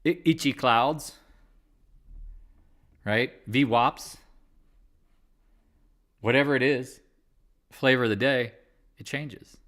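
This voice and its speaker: A man's voice: mid-range voice, takes it slowly, long pauses, a bit bright. A man hosting a live market chat, talking candidly and rambling, with casual swearing. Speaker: livestream trading host.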